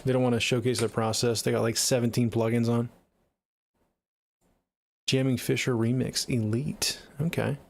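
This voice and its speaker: A young man with a Seattle accent talks casually on his livestream, answering viewer comments. His voice has a gravelly, creaky edge at an ordinary pitch. He jokes and swears in an easygoing, offhand way. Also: flat delivery, normal speed, pauses often, darkish tone. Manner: laid-back, profane, joking. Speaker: livestreaming music producer.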